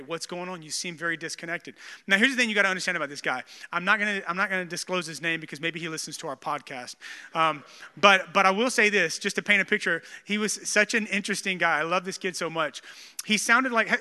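A man, preaching a sermon with energetic storytelling. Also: sits high, smooth, big-room sound. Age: 30s. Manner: energetic, storytelling with frequent restarts. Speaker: pastor.

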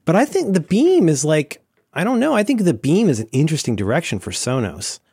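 A man's voice: fairly high pitch, big pitch swings, brisk, darkish tone, slightly rough, no echo, studio quality. A man co-hosting a podcast, trading wry, teasing asides in casual tech chat. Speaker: podcast co-host.

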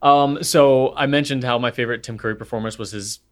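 A man co-hosting a podcast in casual chat, telling stories with animated delivery, often laughing and tripping over his words. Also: mid-range voice, fairly quick. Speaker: podcast co-host.

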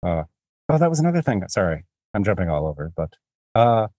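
A man's voice: low-pitched, very animated, fairly quick, warm tone, no echo, clean studio sound. A man hosting a podcast, talking through a book in a rambling, self-deprecating way with many restarts. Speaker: podcast host. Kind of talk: casual book discussion.

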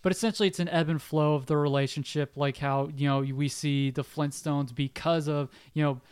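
A man in relaxed podcast chat, his voice smooth and clear and sitting a bit high. He rambles through plot points with plenty of restarts and fillers. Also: brisk. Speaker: podcast co-host. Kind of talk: casual chat about movies.

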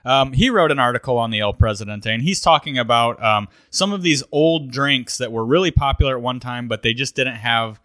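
A man co-hosting a podcast, chatting casually, relaxed and chuckling as he thinks aloud. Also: mid-range voice, fairly quick, few pauses, no room sound, clean studio sound. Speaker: podcast co-host. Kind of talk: casual chat about cocktails.

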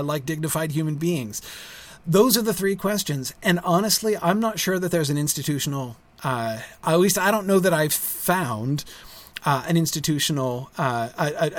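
On a casual livestream, a middle-aged school founder addresses viewers in a slightly high, fairly bright voice. His speech is halting, full of fillers and restarts, and his points often finish on a tag question.

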